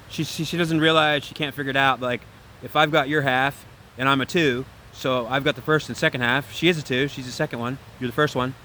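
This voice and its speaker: A man giving a casual spoken tarot reading, animated and preachy, talking straight to the listener. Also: fairly high pitch, fairly quick, slight background noise. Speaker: tarot reader.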